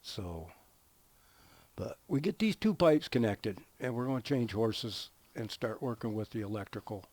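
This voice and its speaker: Middle-aged guy doing laid-back game commentary, slow folksy drawl, chuckles a lot. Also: on the low side, lively intonation, a little mellow, no room sound. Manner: slow, folksy, drawling storyteller who chuckles at his own jokes. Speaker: gaming video host. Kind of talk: relaxed gameplay commentary with a told joke.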